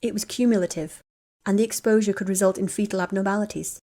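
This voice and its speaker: A woman narrating a story in an even, measured reading voice. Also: medium pitch.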